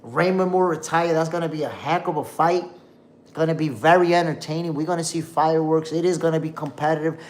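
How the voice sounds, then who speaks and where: A man's voice: fairly high pitch, steady tone, fairly quick, darkish tone. A young man hosting a boxing livestream, ranting heatedly and cursing, calling his viewers "my peoples". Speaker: boxing show host. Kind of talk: casual livestream commentary.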